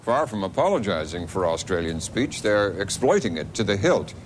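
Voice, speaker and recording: A man narrating a documentary in a measured, expressive scripted delivery. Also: lowish voice, slight background noise.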